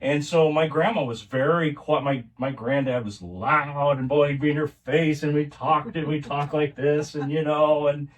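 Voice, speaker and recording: A man's voice: fairly high pitch, fairly even intonation, moderate pace, hardly any pauses, far from the mic. A middle-aged man, a podcast guest, telling family stories in a casual, rambling way with many restarts. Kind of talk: casual conversational storytelling.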